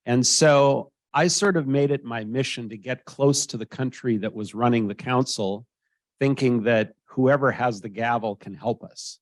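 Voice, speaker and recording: A man in his sixties with an American accent, interviewed as a guest, tells an anecdote animatedly and acts out the voices of others. His voice is mid-range at a moderate pace, with no room sound.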